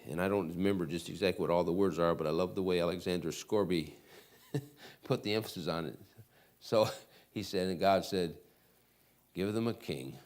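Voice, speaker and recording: A man from Michigan with a Michigan American accent, teaching Sunday school in a church classroom, reading scripture verses slowly and loudly between casual asides. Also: sits low, fairly even intonation. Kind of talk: Bible lesson reading scripture aloud.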